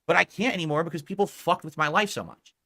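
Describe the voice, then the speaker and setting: A man's voice: fairly high pitch, fast, pushed and bright, no echo. A man in his forties, a streamer, ranting bitterly at his viewers and swearing as he berates them. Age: 40s. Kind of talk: angry live-stream rant.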